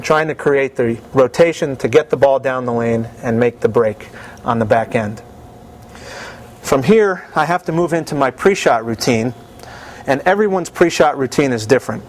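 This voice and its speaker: Man, bowler, calm and methodical, technical explanation, slight hiss. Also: medium pitch. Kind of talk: explaining his own routine.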